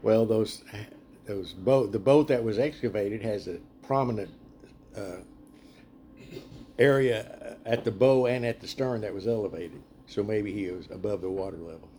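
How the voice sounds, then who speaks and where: A man's voice: on the low side, moderate pace, a little hiss or hum. Chatty man leading a Bible study. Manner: chatty, laughs often, animated retelling. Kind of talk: casual group Bible teaching.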